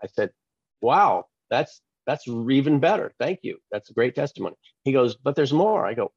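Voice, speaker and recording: A man, a pastor and author, telling a testimony in an interview, acting out the quoted dialogue with lively changes of voice. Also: mid-range voice, normal speed, breathy edge, no room sound, lo-fi sound. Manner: animated, acts out quoted dialogue.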